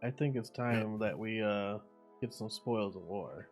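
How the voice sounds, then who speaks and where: A man's voice: on the low side, measured pace, over music. A man working as dungeon master, explaining rules and narrating the scene. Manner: explains rules and narrates the scene, gets the others back on track. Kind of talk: running a tabletop game.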